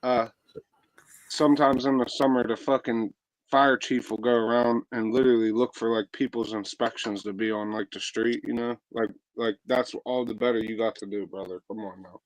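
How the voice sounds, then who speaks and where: A man's voice: medium pitch, fairly even intonation, moderate pace, no room sound, rough recording. Brash profane man telling stories. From Pennsylvania. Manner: profane, brash, laid-back storyteller. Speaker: podcast co-host. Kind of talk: casual storytelling chat.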